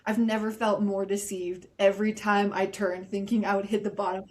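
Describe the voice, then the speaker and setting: A woman who is a trail runner, a guest on a podcast, recounting a hard race with expressive, laughing talk. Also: mid-range voice, normal speed. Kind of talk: casual interview chat.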